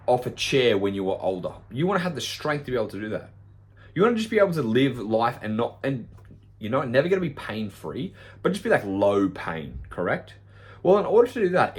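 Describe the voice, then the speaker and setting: A man, a fitness coach ranting bluntly and profanely in a casual podcast monologue. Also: fairly low pitch.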